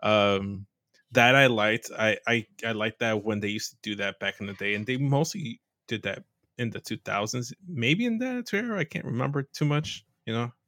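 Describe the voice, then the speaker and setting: A man of middling pitch recounts a wrestling match with eager, joking energy. His voice sits dry and close to the mic with no room around it. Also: moderate pace, sharp tone, no room sound. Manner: enthusiastic, crude jokes, acts out quotes. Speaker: podcast co-host. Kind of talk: casual podcast chat recapping wrestling.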